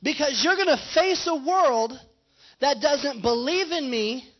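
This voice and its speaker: Pastor preaching over dull livestream audio. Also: male voice, very high voice, expressive, measured pace. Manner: conversational, asks the congregation questions. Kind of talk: sermon. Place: church.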